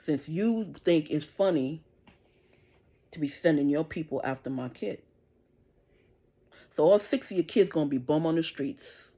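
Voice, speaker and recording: Her voice is deep and dark with a breathy edge, and she talks at a measured pace broken by long pauses. A middle-aged vlogger, she vents a profane, confrontational rant to camera, repeatedly demanding "you understand?"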